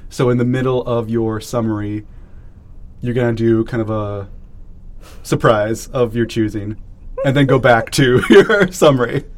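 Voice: mid-range voice, a little slow. A podcast co-host chatting casually and playfully while leading the show's segments. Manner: playful, laughing, running the segment. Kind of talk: casual chat.

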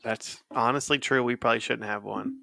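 Gravelly guy rambling on a podcast, bright voice, dry close sound. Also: medium pitch, fairly even intonation, brisk, dry recording. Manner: rambling, laughs often. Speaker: podcast co-host. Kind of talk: casual chat.

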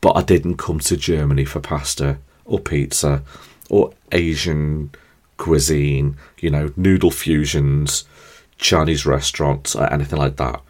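A man hosting his own podcast, telling rambling, self-deprecating stories in a chatty, animated way. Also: very deep voice, unhurried. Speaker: podcast host. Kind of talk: casual storytelling monologue.

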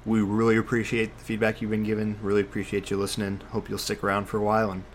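A man's voice: fairly low pitch, completely flat delivery, fast, slight background noise. A man co-hosting a podcast in casual chat, rambling with frequent restarts. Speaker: podcast co-host.

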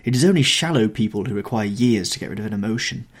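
A man's voice: fairly low pitch, animated, quick pace, slightly rough. A man reading the part of a vain, callous young aesthete who talks in an airy, dismissive way. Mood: defiant.

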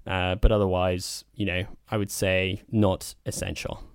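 A man's voice: low-pitched, little pitch movement, measured pace, clear, resonant tone, dry recording, studio quality. A man co-hosting a podcast, giving a frank, opinionated film review in a loose, chatty way. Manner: opinionated, talks in loose spoken asides. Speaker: podcast co-host. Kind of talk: casual film review chat.

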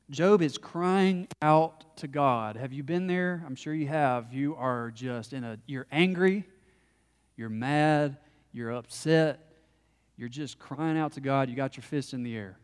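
Male preacher, sermon, passionate delivery, slightly high voice, echoing hall. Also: slow, clean tone. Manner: impassioned, rising to loud emphasis when voicing Job. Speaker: pastor.

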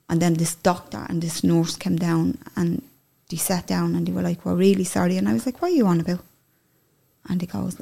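Irish woman, gravelly voice, candid interviewee recounting a personal story, blunt and emotional, casual swearing. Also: mid-range voice, darkish tone.

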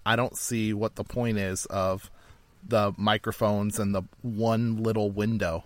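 A man's voice: lowish voice, level tone, a little slow, no echo. A man in casual conversation, thinking aloud with fillers and restarts. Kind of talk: casual chat.

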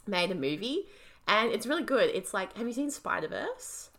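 A woman's voice: mid-range voice, sing-song, moderate pace, vocal fry, a bit bright. A woman in her twenties with an Australian accent, co-hosting a casual podcast and rambling with lots of "like" and "um". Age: 20s. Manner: rambling, filler-heavy. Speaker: podcast co-host. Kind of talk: casual chat.

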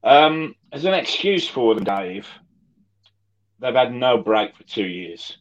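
Slow measured guy on a video call, lots of ums, kinda dull lo-fi sound. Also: mid-range voice, very animated. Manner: slow and measured, with many "um" pauses. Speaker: fan guest. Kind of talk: casual chat.

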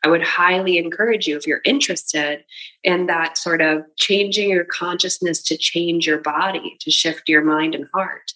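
Woman sound bath teacher, earnest flowing chat, bright tone. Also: on the low side, moderate pace, low-quality recording. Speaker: sound bath and Pilates practitioner. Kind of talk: casual conversation.

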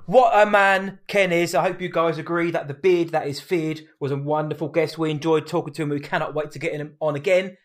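A man's voice: fairly high pitch, steady tone, fast talker, few pauses. A man co-hosting a podcast, talking casually and with enthusiasm. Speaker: podcast co-host.

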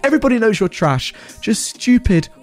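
A man voicing a hostile middle-aged woman neighbor who screams insults in a high, shrill voice. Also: very animated, a little fast, faint music behind. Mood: shrieking insults. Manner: screaming, insulting, self-righteous.

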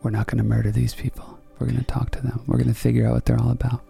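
A man's voice: medium pitch, little pitch movement, racing, vocal fry, dark tone, faint music behind. A man voicing a gang of bandits who talk over what to do, in a muttering, plotting way. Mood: reasoning. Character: scheming gang of male bandits.

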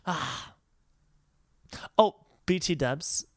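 A man co-hosting a comedy podcast in casual chat, excitable and prone to loud outbursts. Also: on the high side, drawn-out words, dry recording, clean studio sound. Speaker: podcast co-host.

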